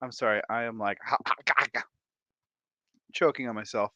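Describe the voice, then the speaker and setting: A man hosting a casual livestream chat, playful and animated, tired and a bit congested, talking on a close desk mic. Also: medium pitch, moderate pace, no echo. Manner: animated, playful, breaks into laughs and silly voices. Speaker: livestream host.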